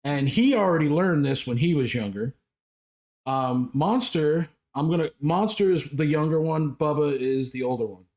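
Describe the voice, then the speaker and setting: A man's voice: on the high side, normal speed. A man chatting casually with friends, telling a story and acting out the quoted lines. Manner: animated retelling, acts out quoted dialogue. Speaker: streamer telling a story in group voice chat.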